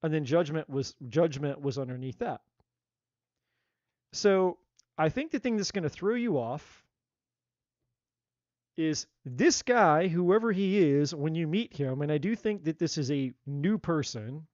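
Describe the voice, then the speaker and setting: A man giving a live tarot reading in a blunt, animated way, swearing freely and acting out what people might say. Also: a little high, unhurried, long pauses, dry recording, dull audio. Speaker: tarot reader.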